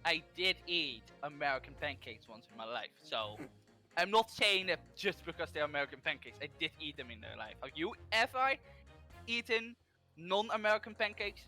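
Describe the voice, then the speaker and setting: Brief: playful European guest on a gaming stream, very animated delivery. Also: male voice, fairly high pitch, faint music behind. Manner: playful, quick to protest. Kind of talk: casual banter while gaming.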